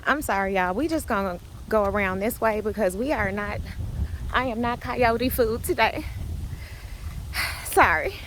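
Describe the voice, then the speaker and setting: Outdoors in a windy cemetery, a woman talks to viewers through her handheld phone during a casual walking tour, chatty and apologetic about her cursing, exclaiming when she's startled. Her fairly high, slightly bright voice is a bit slow with frequent pauses, and there's slight background noise.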